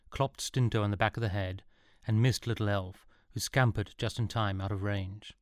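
A man narrating a storybook in a steady, even reading voice. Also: fairly low pitch, no room sound, clean studio sound.

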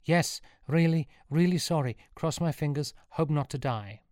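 A man's voice: on the high side, normal speed, a little mellow, no echo, studio quality, pitched above the performer's own voice, natural voice. A man voicing a timid, apologetic young man who pleads meekly. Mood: pleading. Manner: meek, pleading.

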